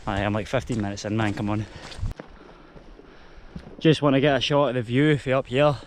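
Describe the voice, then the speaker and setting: At normal speed and mid-range pitch, a young Scottish hiking vlogger talks casually to the camera as he makes his way uphill outdoors. English is his first language, while Spanish is only part of his heritage.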